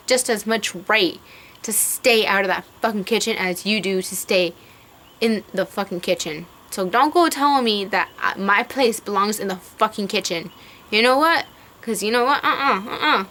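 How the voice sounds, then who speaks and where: A woman's voice: mid-range voice, pushed and bright. Profane, fired-up young woman ranting. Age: young adult. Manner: heated, profane and swearing; rambling with many fillers. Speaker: vlogger. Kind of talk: ranting to camera.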